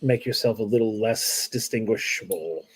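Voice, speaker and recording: A man voicing a cautious, apologetic mother in a tabletop game, speaking softly and politely. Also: lowish voice, normal speed, breathy edge, dry recording, pitched below the performer's own voice. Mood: earnest warning. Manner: soft-spoken, polite, warning. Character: cautious, apologetic mother, middle-aged woman.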